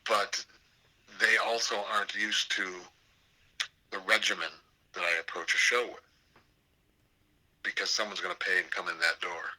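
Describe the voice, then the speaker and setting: Older guy, theater prof, spinning stories, lowish voice, really bright and forceful, gets animated. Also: normal speed, pauses often, rough recording. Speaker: theater professor. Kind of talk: storytelling interview over a call.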